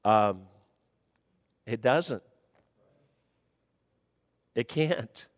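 A man preaching a sermon in a folksy, conversational way, dropping to quiet murmurs and rising to high shouts. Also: animated, extremely slow, pauses often, big-room sound.

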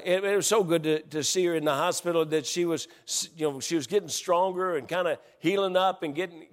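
Halting middle-aged preacher, high-ish voice. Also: male voice. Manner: halting, many restarts, then builds to excited storytelling. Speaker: pastor. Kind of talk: sermon. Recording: long hall reverb.

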